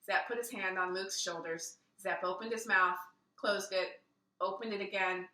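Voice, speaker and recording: A woman reading a children's book aloud in an expressive way, with asides, heard roomy and from a distance. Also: medium pitch, normal speed. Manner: expressive, adds asides and laughs. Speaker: reader.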